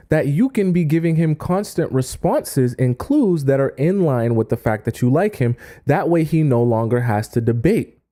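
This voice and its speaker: A man's voice: a little high, warm tone. A man coaching on dating in a casual lecture, often checking in with "right?" and acting out quotes. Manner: acts out quoted voices.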